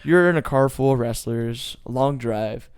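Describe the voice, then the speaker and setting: A young man spins a long, rambling story in podcast chat. He leans on slang and filler, and the mid-pitched voice sounds dry and close, with no room around it. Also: moderate pace, smooth, no echo. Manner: rambling, slangy, says "bro" and "like" a lot. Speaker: podcast co-host, wrestler.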